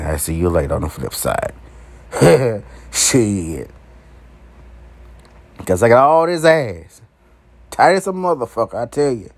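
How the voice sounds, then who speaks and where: A man delivering a raw, uncensored monologue to his viewers, brash, profane and animated, breaking into laughter. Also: on the high side, no room sound. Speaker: vlogger.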